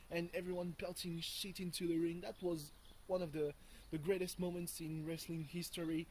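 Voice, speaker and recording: Vlogging at home on a hot morning, a man from France talks in a rambling, profane way, full of fillers and chuckles. He has a high voice with little pitch movement and a normal pace. The poor recording carries a little hiss or hum.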